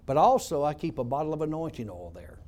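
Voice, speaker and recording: A man's voice: fairly high pitch, very animated, fast, a little mellow. A man telling a testimony story as a former prison pastor, in a folksy, emphatic way.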